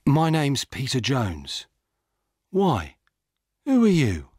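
A man's voice: mid-range voice, huge pitch swings, slow pace, darkish tone, slightly rough, no room sound, clean studio sound, voice pushed up, heavily acted. A man reading the part of a young male jogger, defensive and indignant.

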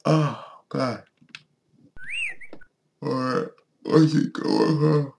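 A man giving casual let's-play commentary on his own game, excitable, swearing and yelling at the creatures on screen. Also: medium pitch, drawn-out words, creaky, a little hiss or hum. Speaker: gaming video host.

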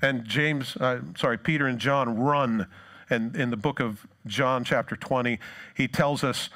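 A man's voice: mid-range voice, a little slow. Storytelling male pastor preaching. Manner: animated storytelling, acts out quoted lines. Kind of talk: sermon.

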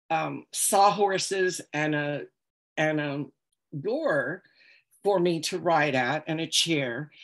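A woman's voice: low-pitched, a bit bright. A woman calligrapher telling an anecdote during a lecture, in a chatty, meandering way with frequent ums and laughs.

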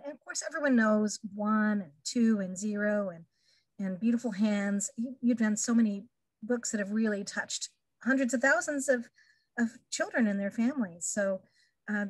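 A woman's voice: mid-range voice, darkish tone, dry recording. A woman hosting an interview on a video call, enthusiastic and gushing about the guest. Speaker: interview host. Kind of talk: casual interview.

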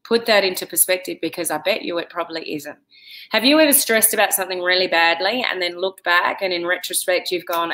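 A woman's voice: fairly low pitch, a little fast, pushed and bright, poor audio. A middle-aged woman talking casually to camera, giving advice in a chatty, direct way with lots of fillers. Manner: chatty, direct, with many "you know"s. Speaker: vlogger giving life advice.

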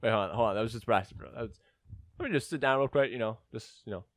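A young man hosting a gaming video, boasting, joking and yelling at the game as he plays. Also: mid-range voice, racing, no room sound, studio quality. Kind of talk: gameplay commentary.

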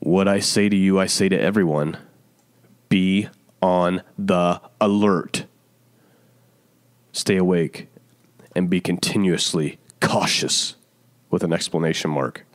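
A man preaching with urgent, emphatic insistence, returning to his point again and again. His voice sits low. The sound is dry and close, with no room around it. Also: fairly even intonation, slow, long pauses, no echo. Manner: urgent, emphatic, repetitive exhortation. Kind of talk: online sermon teaching.

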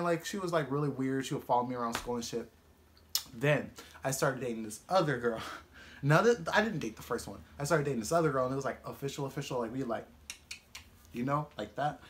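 A young man telling a casual storytime vlog, profane and animated, laughing often as he talks. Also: medium pitch. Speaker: vlogger.

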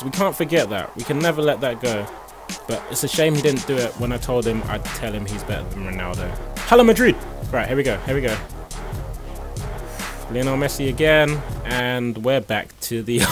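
A young man commentating a game pack opening, excitable and foul-mouthed, breaking into shouts. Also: medium pitch. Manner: excitable, swears freely, bursts into shouting. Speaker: gaming YouTuber.

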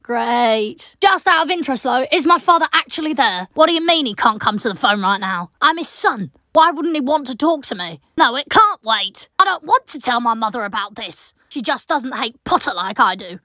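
A woman's voice: a little high, expressive, moderate pace, few pauses, pushed and bright, dry recording, clean studio sound. A woman playing a spoiled, overly polite schoolboy, making a phone call in a comic sketch. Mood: prim polite.

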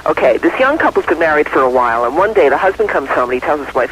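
Lively woman telling a joke by phone. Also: sits low, quick pace, hardly any pauses, a little hiss or hum, low-quality recording. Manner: lively, playful storyteller. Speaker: radio personality calling in. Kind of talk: telling a joke on morning radio. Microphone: phone line.

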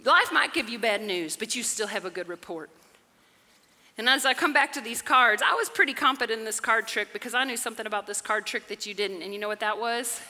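A woman pastor, preaching a lively sermon that swings from soft talk to shouts, often laughing. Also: on the high side, brisk. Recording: live church hall reverb with music.

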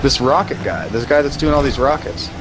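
A man's voice: mid-range voice, expressive, brisk, background noise. Crude joking young man streaming a game. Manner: crude, joking, shouts at plays. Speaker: streamer playing a car soccer game. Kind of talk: casual game-stream chat.

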